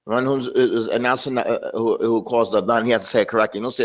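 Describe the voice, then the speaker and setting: A man's voice: mid-range voice, fairly even intonation, fast, hardly any pauses, dull audio. A man teaching an online language class, stressing and repeating words over and over to drill his students' pronunciation. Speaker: Arabic teacher.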